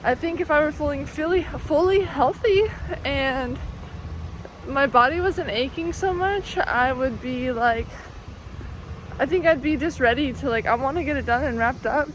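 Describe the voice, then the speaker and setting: A woman's voice: high voice, moderate pace, slight background noise. A young woman vlogging about her long-distance hike, talking in a thoughtful, rambling way full of "like" and "you know". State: emotional, near tears. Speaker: thru-hiker vlogger. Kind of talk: reflective casual vlog.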